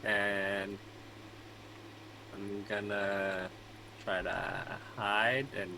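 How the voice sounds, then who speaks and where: A man's voice: on the low side, level tone, drawn-out words, vocal fry, background noise. A man playing a tabletop game over voice chat, methodically counting out his moves. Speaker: player.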